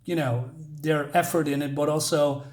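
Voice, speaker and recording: A man's voice: on the high side, fairly even intonation, normal speed, darkish tone. A man casually retelling a comic book story indoors, rambling, with many fillers. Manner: rambling, many fillers, reads quotes aloud.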